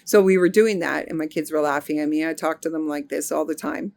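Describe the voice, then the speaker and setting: A middle-aged woman giving an earnest, unhurried spiritual monologue, often pausing to search for words. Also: sits low, fairly even intonation, gravelly, darkish tone. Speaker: spiritual healing teacher.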